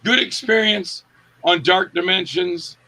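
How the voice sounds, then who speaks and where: Guy actor in an interview, high gravelly voice, tells stories and loudly acts out what people said. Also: a little slow. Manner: animated, acts out quotes with raised voice. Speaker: actor guest. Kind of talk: casual interview storytelling.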